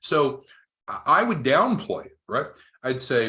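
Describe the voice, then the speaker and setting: A man's voice: mid-range voice, sing-song, measured pace, bright, forceful tone. Emphatic male business trainer. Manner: emphatic, repeats key phrases, frequent restarts. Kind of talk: recorded training talk.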